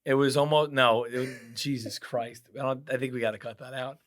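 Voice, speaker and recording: A hoarse man co-hosting a casual sports betting podcast, sarcastic and teasing, with rambling restarts. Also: mid-range voice, fairly even intonation, moderate pace. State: hoarse, lost his voice. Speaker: podcast co-host.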